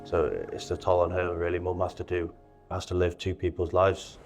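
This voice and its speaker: Deep flat-voiced young man, soft-spoken. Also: normal speed, over music. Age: 20s. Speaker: rugby player. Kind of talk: documentary interview.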